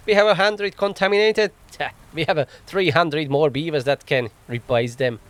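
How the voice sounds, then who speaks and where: A gaming channel host runs a casual let's play on a desk microphone, thinking aloud as he goes, chuckling often and poking wry fun at himself. His voice is a little high and fairly bright, and he takes his time.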